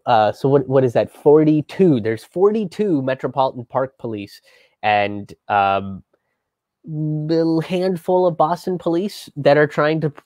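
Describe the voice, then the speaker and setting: A man's voice: mid-range voice, a little mellow, no echo. A man hosting a live history show, telling the story casually with many fillers, restarts and acted-out quotes. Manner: loose, chatty, many fillers and restarts, swears, acts out quotes. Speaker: host of a history and politics show.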